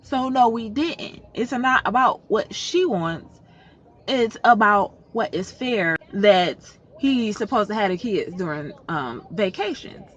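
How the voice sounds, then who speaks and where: A woman's voice: mid-range voice, animated, slow pace, a bit bright. A woman vlogger telling a story in a casual storytime vlog, blunt and profane, sounding fed up. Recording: slightly muffled with faint background noise.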